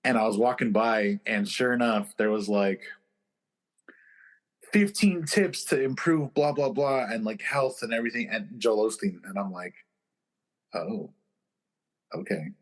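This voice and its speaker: A man co-hosting a podcast in casual chat, laid-back and joking, who drops his voice low for asides. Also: moderate pace. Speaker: podcast co-host.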